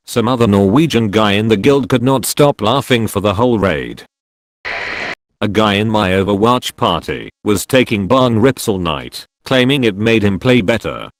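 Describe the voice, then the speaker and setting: Male narrator, low-set voice, steady even read, dead-dry booth sound. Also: no room sound. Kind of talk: scripted narration of online posts.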